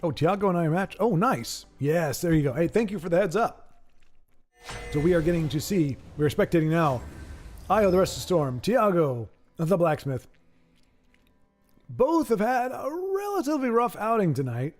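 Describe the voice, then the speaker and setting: A man hosts a live stream of card games from home, talking in a fairly high voice. He jokes and rambles with his viewers, often stuttering over the same word before getting it out. Quiet game music plays behind him. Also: very animated, normal speed. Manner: joking, rambling, stammers and repeats words. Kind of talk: casual live-stream commentary and chat.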